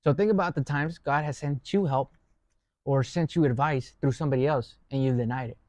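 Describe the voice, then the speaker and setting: A man's voice: medium pitch, fairly quick, a little mellow, dry recording. A man co-hosting a podcast, telling faith stories in an earnest, casual way with many fillers. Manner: storytelling, earnest, filler-heavy. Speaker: podcast co-host.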